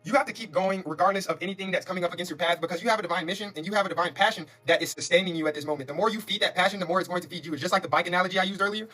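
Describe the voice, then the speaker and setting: Fast-talking excitable male tarot reader. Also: sits high. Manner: fast, repetitive, emphatic and excitable; spiritual, preacher-like affirmations. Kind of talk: live-streamed tarot reading.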